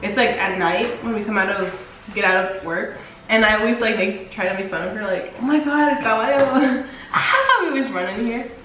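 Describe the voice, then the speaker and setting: A young woman co-hosting a vlog tells stories in a chatty way, full of fillers and restarts. Her medium-pitched voice is steady, fairly quick and fairly bright. The room is very echoey, the mic distant, with faint music behind her.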